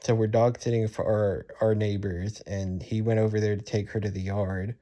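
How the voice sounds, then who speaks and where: A man's voice: fairly low pitch, little pitch movement, warm tone. Young adult male vlogger, venting monologue, sighs often, restarts sentences, frustrated and worn down. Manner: frustrated, sighing, halting and repetitive. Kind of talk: personal venting vlog.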